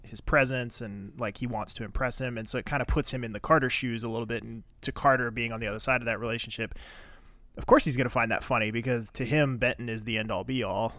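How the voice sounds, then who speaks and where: A man's voice: medium pitch, fairly even intonation, quick pace, fairly bright tone, dry recording. A man co-hosting a podcast, chatting casually in a loose, rambling way. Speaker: podcast co-host. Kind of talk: casual chat.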